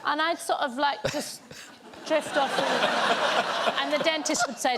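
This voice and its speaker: A woman's voice: high voice, a little slow, very noisy. A woman guest on a chat show, telling rambling, hesitant stories about old jobs. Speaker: comedian guest.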